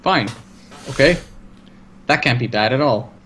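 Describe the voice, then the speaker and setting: A man on a casual podcast, pitching in with short, dry quips in an ordinary male register. A faint background hum sits under his voice. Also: expressive, a little slow, fairly bright tone. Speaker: podcast co-host. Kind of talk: casual chat.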